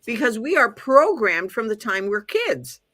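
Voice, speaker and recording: A woman's voice: on the high side, sing-song, unhurried, fairly bright tone. A woman in her sixties co-hosting a talk show, talking earnestly in a coaching tone and often affirming her partner. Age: 60s. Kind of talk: casual chat.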